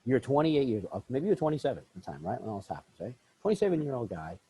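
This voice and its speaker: A man's voice: mid-range voice, big pitch swings, fast, dark tone, slight background noise, low-quality recording. A man hosting a podcast, asking questions in a casual, conversational way and checking in with "right?" and "man". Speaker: podcast host. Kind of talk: casual interview.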